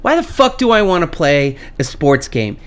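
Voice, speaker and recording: A man's voice: fairly high pitch, sing-song, moderate pace, a bit bright, clear, resonant tone. A young man co-hosting a casual comedy podcast, joking, swearing and exaggerating for laughs. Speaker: podcast co-host.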